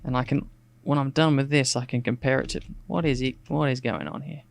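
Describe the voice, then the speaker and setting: A man from Australia with a gravelly, low-creaking voice, talking through a drawing as he works. His delivery stays flat and even, loose and rambling, and his accent is Australian with a bit of picked-up English polish. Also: brisk. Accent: Australian, with some English RP picked up. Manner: relaxed and rambling, thinking aloud with many fillers. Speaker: artist streaming a sketch. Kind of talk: casual narration while drawing.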